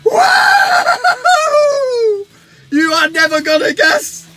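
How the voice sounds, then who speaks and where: A young man talks in a very high, bright, sharp voice. He is giddy and shouty, swearing freely as a fan vlog host, with faint music behind him. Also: moderate pace.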